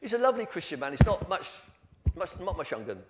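An older man giving an informal, animated church talk, telling stories about himself with many restarts. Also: high-pitched, fast, noisy background. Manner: animated storytelling, self-deprecating, many restarts. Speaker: lay preacher.

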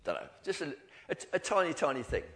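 Animated older man preaching. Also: a little high, fast. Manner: animated storytelling, self-deprecating, many restarts. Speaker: lay preacher. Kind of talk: informal church talk.

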